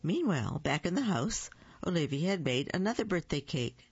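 A storyteller reading a picture book aloud at a deliberate pace, with small slips. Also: mid-range voice, sing-song, slightly rough, no room sound, lo-fi sound.

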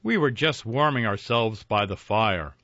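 A man voicing a frightened older boy quickly trying to calm a bully. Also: lowish voice, dry recording. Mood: placating. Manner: quick, placating. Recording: dry, dull lo-fi with faint music.

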